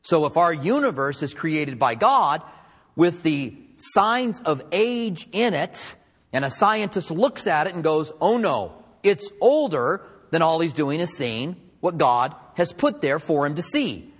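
A man teaching from the Bible in a conversational, animated preaching style with emphatic asides. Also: on the high side, measured pace, husky, in a large hall. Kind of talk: sermon.

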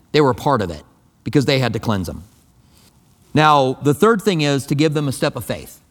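A pastor preaching a sermon in a conversational, emphatic way, often repeating his key phrases. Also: a little high. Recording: long reverb of a large hall.

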